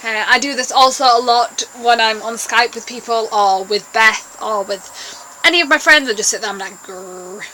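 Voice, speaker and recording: A woman's voice: a little high, moderate pace, sharp tone, a little hiss or hum, poor audio. A young woman vlogging to camera in a bubbly, rambling, playful way. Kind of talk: casual chat to camera.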